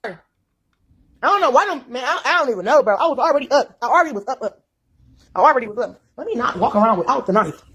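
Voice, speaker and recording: A woman's voice: a little high, expressive, fast talker, a bit bright, slightly rough. A woman in a played video clip, ranting furiously with constant cursing and repeating herself in agitation. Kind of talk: furious profane rant.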